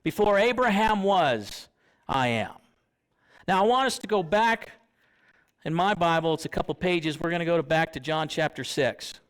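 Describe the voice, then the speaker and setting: A young man preaching in church, his voice sitting fairly high. He talks in a conversational way and keeps asking the congregation questions. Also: lively intonation, normal speed, fairly bright tone, clean tone. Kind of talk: sermon.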